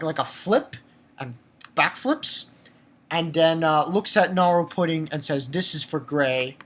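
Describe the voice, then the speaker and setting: A man giving a casual, excitable spoken review of a manga chapter, swearing and repeating himself for emphasis. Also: high-pitched. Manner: excitable, profane, laughs often; repetitive, emphatic.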